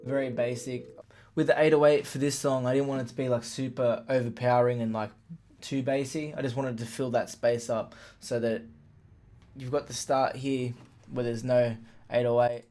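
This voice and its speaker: A man casually walking through how he built a hip hop track, plain-spoken and relaxed, with fillers like "like" and "literally". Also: medium pitch, moderate pace, faint music behind. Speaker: music producer explaining a beat. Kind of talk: casual tutorial walkthrough. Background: faint playback of his beat.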